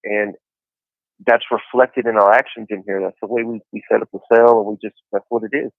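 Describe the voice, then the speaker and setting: A man's voice: on the low side, steady tone, brisk, creaky, no room sound. Easygoing man on a tinny phone line. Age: 40s. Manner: easygoing storyteller, many "you know" fillers. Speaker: incarcerated caller on a podcast. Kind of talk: casual phone chat. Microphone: phone handset.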